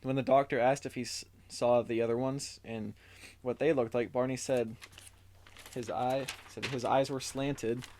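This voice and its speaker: This co-host has a darkish, steady mid-range voice and a measured pace. He tells a story on the podcast in relaxed, filler-laden chat, reading from his notes and quoting aloud.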